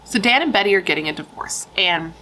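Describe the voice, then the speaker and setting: A woman's voice: mid-range voice, lively intonation, fast talker, pushed and bright, a little hiss or hum, low-quality recording. A woman telling a true crime story in a casual, frank, chatty way, swearing freely and using lots of fillers.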